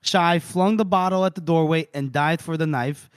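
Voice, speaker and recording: A man on a book podcast walks his co-hosts through the chapters, slipping into the characters' lines as he goes. His voice sits a little high for a man and is recorded close and dry, with no room around it. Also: normal speed, smooth, dry recording. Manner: animated retelling, reading out and voicing quotes. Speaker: podcast co-host. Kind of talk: casual book-recap chat.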